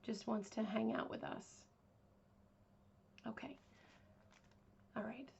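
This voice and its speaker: A woman's voice: fairly high pitch, steady tone, slow, gravelly, a little mellow, highs cut off, a little hiss or hum. A woman hosting a true crime podcast, telling the story in a casual, rambling way with lots of fillers. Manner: rambling, chatty, with many fillers.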